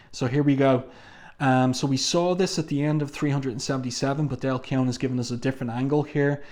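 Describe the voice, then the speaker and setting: A man's voice: medium pitch, a little mellow. Chatty man reviewing a comic. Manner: conversational, chatty, with frequent ums and asides. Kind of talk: casual comic review, reading panel dialogue aloud.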